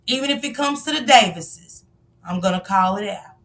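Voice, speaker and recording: A woman's voice: medium pitch, expressive, moderate pace, a bit bright, recorded from a distance. A woman giving passionate live-stream commentary, firing off rhetorical questions and sometimes raising her voice. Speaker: livestream commentator.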